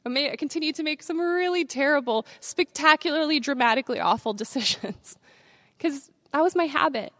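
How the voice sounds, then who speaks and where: A young woman preaches her own testimony to a congregation in a high voice. She drops to near whispers for painful parts and rises to loud, rapid preaching at others. The sound is dry and close, with no room echo. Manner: swings from hushed confession to loud, fast preaching. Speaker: speaker giving testimony. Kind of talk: sermon testimony.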